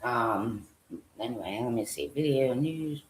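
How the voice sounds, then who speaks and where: A woman's voice: a bass voice, animated, unhurried, reverberant, low-quality recording. A woman vlogger thinking aloud as she browses a website, rambling with lots of fillers and sometimes dropping to a whisper while she reads items off a list. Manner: drops to a whisper when reading lists.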